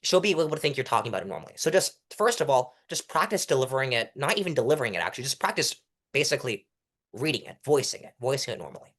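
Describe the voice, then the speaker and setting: Young male guest, animated coaching tone, very lively pitch. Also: very fast. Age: young adult. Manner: animated, demonstrates delivery styles mid-sentence. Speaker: guest, mock trial competitor. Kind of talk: casual interview coaching talk.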